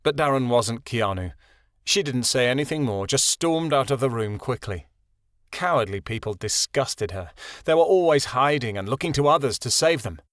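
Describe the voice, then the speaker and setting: A man narrating a fantasy audiobook in an expressive storytelling read. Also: mid-range voice, normal speed, dry recording, clean studio sound.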